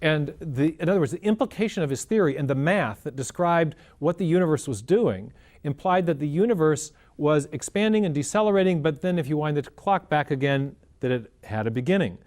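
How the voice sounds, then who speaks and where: A man's voice: a little high, animated, fairly quick, a little mellow. A man answering in an interview, explaining and telling a story earnestly, often repeating words as he thinks. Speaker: guest explaining science.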